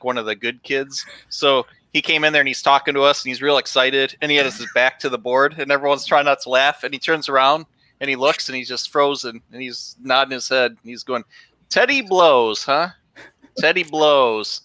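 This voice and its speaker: A man's voice: medium pitch, fairly even intonation, fast talker, sharp tone, no room sound. A man casually telling a funny school story on a live stream, laughing as he goes and mimicking the teacher. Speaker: comic shop podcast co-host.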